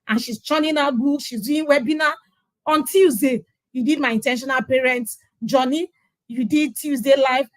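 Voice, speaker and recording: Her voice is slightly high, and the recording is dry and rough. A middle-aged Nigerian woman, she's a guest on an interview giving a conversational testimonial about her parenting journey, telling it with emphasis and acting out the dialogue.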